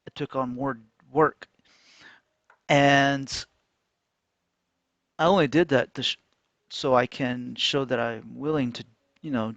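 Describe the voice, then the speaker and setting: A man ranting casually while trading on a chart, animated and mocking. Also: medium pitch, no room sound. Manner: animated, mocking voices, frequent laughs. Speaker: trading vlogger. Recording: dull lo-fi dry sound.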